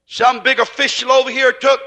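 A man preaching a sermon, folksy and storytelling, now and then rising to shouts. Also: very high-pitched, level tone, a little fast.

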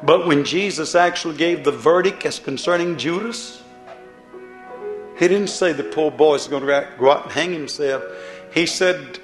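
A man's voice: on the high side, unhurried, creaky, roomy sound, soft background music. A man preaching a fiery sermon, pleading and throwing rhetorical questions at the congregation.

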